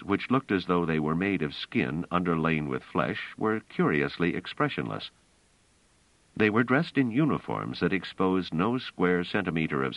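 A man with a very deep voice narrates an audiobook from a script, his pitch moving in a lively, expressive way. His reading is measured and clearly paced. The recording is dry, echo-free, and slightly dull.

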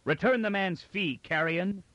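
A man voicing a blustering, sarcastic brawny city guard who talks loud and heavy, in a dull, dry recording. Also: high voice, unhurried, no echo, voice pushed up.

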